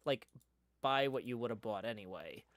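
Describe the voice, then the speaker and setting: A man's voice: mid-range voice, lively intonation, normal speed, fairly bright tone, a little hiss or hum. A man chatting casually on a live stream, reading viewer comments aloud and answering them in a rambling way.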